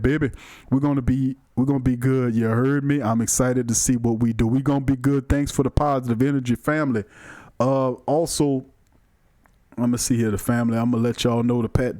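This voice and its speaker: A man's voice: medium pitch, a little fast, dry recording, clean studio sound. A man hosting a live sports call-in show, talking emphatically and casually to his chat. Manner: animated, emphatic, colloquial, talks to the chat. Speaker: sports talk show host.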